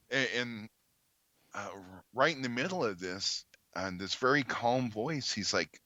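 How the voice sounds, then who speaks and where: A man, a podcast guest, earnestly telling a story in conversation, halting with many ums and restarts. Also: medium pitch, lively intonation, sharp tone, no room sound, lo-fi sound.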